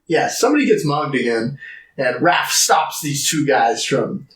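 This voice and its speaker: A man's voice: mid-range voice, sing-song, unhurried, fairly bright tone. A man co-hosting a podcast, casually retelling movie scenes and mimicking the characters' lines. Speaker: podcast co-host. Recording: echoey room, off-mic.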